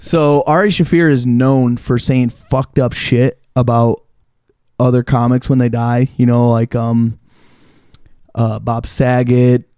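A young man co-hosting a podcast in casual chat, laid-back and rambling, full of "like"s and quick joking asides. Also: medium pitch, level tone, dark tone, clean tone, no room sound, studio quality. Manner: laid-back, chimes in with jokes, rambling with many "like"s. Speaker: podcast co-host.

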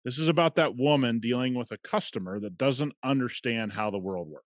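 A man's voice: medium pitch, fairly quick, dry recording. A man hosting a podcast, telling a story in a conversational, emphatic way. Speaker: podcast host. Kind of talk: casual podcast monologue.

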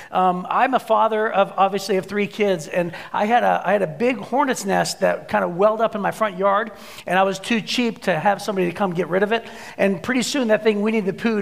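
A man in his forties preaching a sermon, telling a personal story in a lively, animated way and acting out his own reactions. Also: high-pitched, vocal fry. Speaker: pastor. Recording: long hall reverb.

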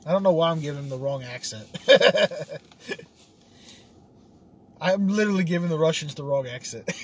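A man's voice: fairly high pitch, fast talker, hardly any pauses, darkish tone. A man talking in a casual, rambling vlog monologue, swearing freely and laughing at himself. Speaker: vlogger.

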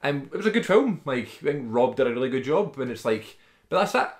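A man in his twenties with a middle-pitched voice chats as a podcast co-host. He talks in an easy, agreeable way and reads out film facts now and then. His tone stays relaxed and conversational. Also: fast. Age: 20s. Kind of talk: casual chat.

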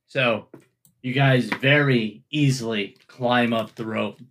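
Slow, bright-voiced male game master. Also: mid-range voice, steady tone, a little hiss or hum. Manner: laid-back, laughs often, rambling narration. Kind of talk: narrating a tabletop game.

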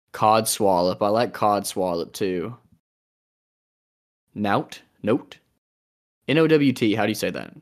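A young man co-hosting a podcast. He rambles through casual chat, cracking jokes and breaking off mid-thought. His voice sits at an ordinary middle pitch. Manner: rambling, jokey, trails off and restarts. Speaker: podcast co-host.

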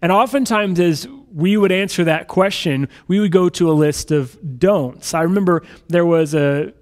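Man, preacher, sermon, high-pitched, conversational, church hall reverb. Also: normal speed. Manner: conversational, animated storytelling.

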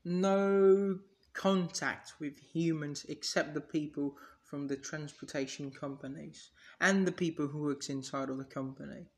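A man's voice: on the high side, steady tone, measured pace. Rambling, swearing male podcaster. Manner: rambling, swears freely, jumps between subjects, acts out mock dialogue. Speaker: solo podcast host. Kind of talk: casual solo monologue.

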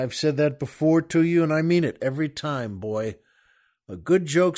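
A man's voice: fairly high pitch, a little mellow. Older male host, folksy and rambling, telling a joke, chuckles.

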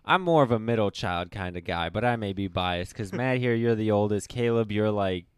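A man's voice: fairly low pitch, fairly even intonation, normal speed, a little mellow, clean tone, dry recording. A man hosting a casual podcast interview, teasing his guests and rambling through self-corrections. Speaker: podcast host.

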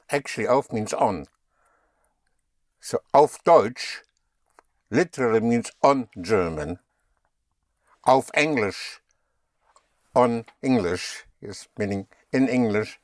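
A man's voice: lowish voice, darkish tone, no echo, studio quality. A man teaching German, patiently spelling words out and having learners repeat them. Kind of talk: slow language lesson.

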